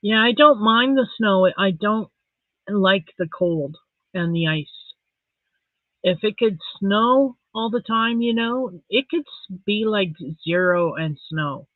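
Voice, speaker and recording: A middle-aged woman hosting a casual live stream, chatting warmly with her viewers and reading out their comments. She sounds soft-hearted and easily moved. The audio is thin and phone-like, and the room is dry and close. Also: mid-range voice, expressive, slow pace, dry recording. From Saskatchewan, Canada.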